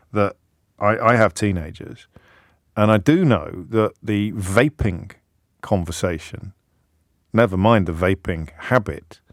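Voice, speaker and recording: A British radio phone-in host, a middle-aged man, speaking in a wry, conversational way. His voice sits low and the studio sound is dry and close. He often stumbles and restarts his sentences. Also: dry recording. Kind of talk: talk radio monologue. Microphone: close studio mic.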